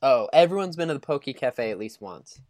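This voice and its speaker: Deadpan teasing young man. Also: medium pitch, fairly quick, no echo, studio quality. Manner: deadpan teasing, mock-formal. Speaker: podcast co-host. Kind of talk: casual banter.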